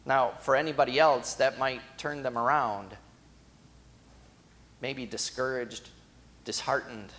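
A man's voice: mid-range voice, fairly even intonation, slow, pauses often, a bit bright. A man preaching a sermon in a conversational storytelling way that builds to emphatic moments.

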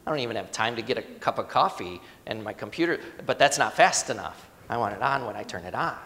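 A pastor delivering a sermon in an easy, conversational way, pressing points home with rhetorical questions and quick asides. The voice sits in a middle register. It rings out with the long reverb of a church sanctuary. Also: medium pitch, animated, a bit bright, slight background noise.

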